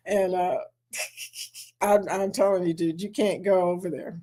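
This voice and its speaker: A woman's voice: medium pitch, slow pace. Chatty woman hosting a live chat. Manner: chatty, laughs often, reads comments aloud. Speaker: livestream host.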